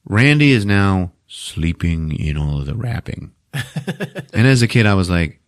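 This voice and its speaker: A man's voice: low voice, lively intonation, a little slow. A man hosting a podcast, recapping a movie in a casual, profane way, laughing often and acting out characters.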